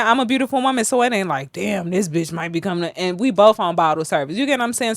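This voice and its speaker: A woman's voice: on the low side, dry recording. A woman, a podcast guest talking bluntly and profanely in a candid studio interview, getting heated as she goes.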